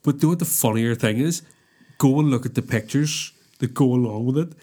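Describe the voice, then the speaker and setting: A man's voice: medium pitch, brisk, warm tone. Sweary laughing man, podcast co-host. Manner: sweary, rambling, laughs often. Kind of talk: casual chat.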